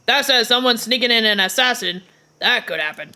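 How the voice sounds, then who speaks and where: A woman doing a gruff, hot-tempered old island man. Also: fairly high pitch, animated, brisk, pushed and bright, a little hiss or hum. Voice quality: gruff, folksy drawl. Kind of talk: reading game dialogue aloud.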